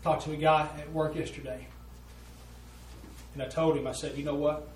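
An earnest man preaching a sermon in a folksy drawl, his voice set a little high. He tells a story with mounting fervor. He is heard from some distance in a reverberant room with a faint hum behind him. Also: little pitch movement, normal speed. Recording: roomy echo, voice from a distance.

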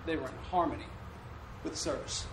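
A man's voice: a little high, steady tone, brisk, creaky, a bit bright, slight background noise. A man preaching a folksy sermon with call-and-response, recorded in a church sanctuary from a distant mic. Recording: echoey room from a distant mic.

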